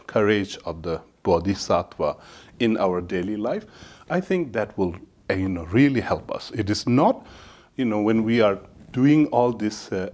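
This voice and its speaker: A man's voice: on the low side, a little mellow. A man giving a Buddhist dharma talk to an audience, telling stories in an easygoing, humorous way with many casual fillers. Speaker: Buddhist teacher.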